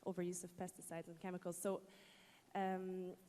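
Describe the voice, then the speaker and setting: A woman's voice: fairly low pitch, level tone, moderate pace, mellow. A woman from Egypt, a panelist who answers earnestly with some hesitations. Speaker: panelist, entrepreneur. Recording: long hall reverb.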